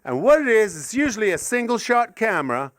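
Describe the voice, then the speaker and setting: High, lively man from Canada doing stand-up. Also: brisk, dry recording. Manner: rambling, absurd, self-mocking. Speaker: stand-up comedian. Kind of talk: stand-up set. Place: live comedy venue.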